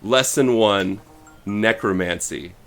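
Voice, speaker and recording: A man co-hosting a podcast, casually retelling a story and acting out the characters' lines in quick little voices. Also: on the low side, over music. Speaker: podcast co-host.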